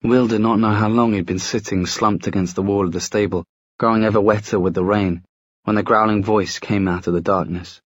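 A man narrating a fantasy audiobook in a measured, even storytelling manner. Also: lowish voice, no echo. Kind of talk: scripted narration. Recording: dry, slightly dull studio sound.

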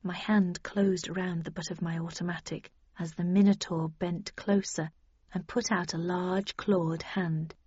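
A woman giving a steady scripted audiobook narration in the first person. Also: on the low side, a little slow, slightly rough, dry recording. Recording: dull lo-fi dry recording.

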